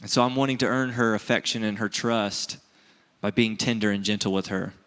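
A man's voice: lowish voice, steady tone, brisk, fairly bright tone, clear, resonant tone, in a large hall. A man in his thirties preaching a sermon in an earnest, conversational way, often checking in with "right?". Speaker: pastor.

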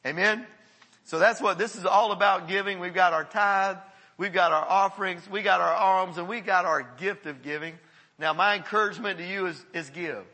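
A man's voice: high-pitched, normal speed, bright, forceful tone. A man preaching a sermon as pastor, earnest and encouraging, laughing often as he talks to the congregation. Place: church service before a congregation. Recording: long hall reverb.

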